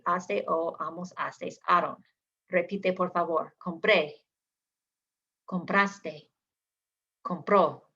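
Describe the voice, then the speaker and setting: A woman teaching a Spanish lesson, drilling verb endings slowly and clearly for learners to repeat. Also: fairly low pitch, fairly bright tone. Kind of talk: language lesson. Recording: slightly dull lo-fi sound.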